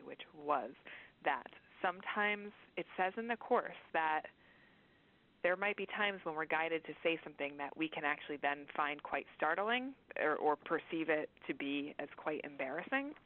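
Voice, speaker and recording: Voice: medium pitch, expressive, moderate pace. A facilitator in a reflective spiritual discussion, thoughtful, searching for words, with light laughs. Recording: phone-line audio.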